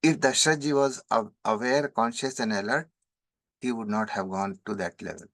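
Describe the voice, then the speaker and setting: Man, spiritual teacher, quick chanted verses, steady explaining, dry close sound. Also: mid-range voice, no room sound. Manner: chants verses rapidly, then explains in measured English. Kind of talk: scripture commentary.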